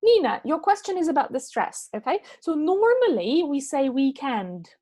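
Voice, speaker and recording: A woman's voice: sits high, very animated, moderate pace, mellow. A woman English teacher answering chat questions after an online lesson, patiently checking that her answers land, speaking into an online meeting microphone. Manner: patient, checks understanding with "yeah?" and "okay?".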